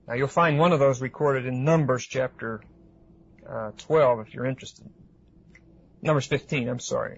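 A man giving an expository Bible lecture to a class, pausing often with fillers and checking in with his listeners. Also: medium pitch, breathy edge. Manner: hesitant with frequent uh fillers, asks class questions. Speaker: Bible teacher. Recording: dull lo-fi recording.

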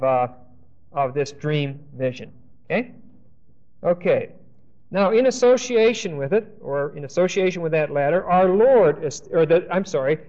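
A man's voice: fairly high pitch, a little mellow, lo-fi sound. A man teaching a Bible class, reading verses aloud and often checking in with the class by asking "okay?". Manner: reads scripture aloud and explains it.

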